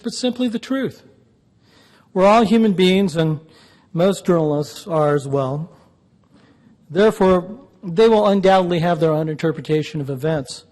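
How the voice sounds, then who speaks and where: High-voiced man giving a lecture. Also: a little mellow. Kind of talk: public lecture with told jokes. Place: lecture hall.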